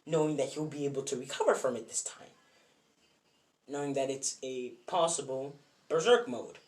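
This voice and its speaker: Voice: mid-range voice, moderate pace, a little mellow. A narrator telling a fan what-if story off the cuff at home, rambling with many fillers and self-corrections. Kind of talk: casual improvised storytelling. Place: bedroom at home.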